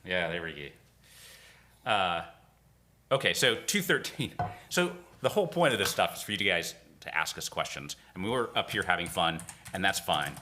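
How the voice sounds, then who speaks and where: A man's voice: sits low, lively intonation, moderate pace, pushed and bright, a little hiss or hum. A man co-hosting a casual live Q&A, reading viewer questions out of the chat with wry, teasing banter.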